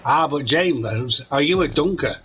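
A man's voice: on the high side, lively intonation, a little slow, a bit bright, slight background noise, rough recording. A man chatting while gaming with friends, jokey and chatty, swearing freely. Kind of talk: casual gaming chat.

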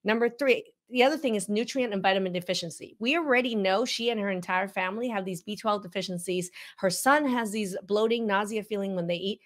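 A woman's voice: medium pitch, a little fast, few pauses. Blunt, emphatic woman doctor explaining. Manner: blunt and emphatic, keeps checking in with "okay?"; mildly profane, teasing asides. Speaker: doctor and health video host. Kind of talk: casual health explainer to camera.

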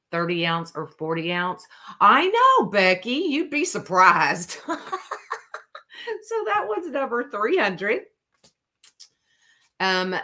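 A woman hosting a live stream to sell custom cups, talking casually and slowly with lots of ums. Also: lowish voice, a bit bright. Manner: slow, drawling, many ums. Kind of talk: casual live sales chat.

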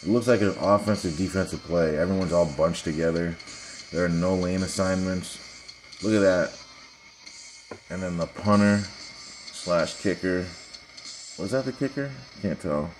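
A young man casually breaking down football highlights for viewers, analytical and sarcastic, talking straight to the audience. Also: normal speed, pauses often, a little mellow, faint music behind. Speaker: football video commentator.

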